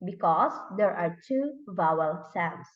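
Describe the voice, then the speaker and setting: A woman teaching an English lesson with a Thai accent, explaining slowly and checking often that students follow. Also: lowish voice, animated. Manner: slow, drawn-out explanations with repeated checks. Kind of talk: classroom lesson. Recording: echoey room, far from mic, dull lo-fi.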